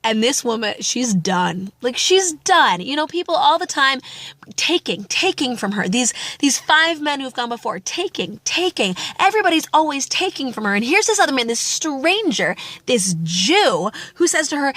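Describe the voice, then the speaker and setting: Woman talking about the gospel, super chatty and animated, fairly high voice, dry close sound. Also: normal speed, dry recording. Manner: animated, chatty, acts out quotes. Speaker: Catholic speaker. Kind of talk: casual gospel reflection.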